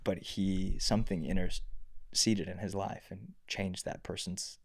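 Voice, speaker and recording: A man on a faith podcast, telling stories in casual chat, animated and rambling, full of restarts. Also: deep voice, a little slow, gravelly, slightly rough.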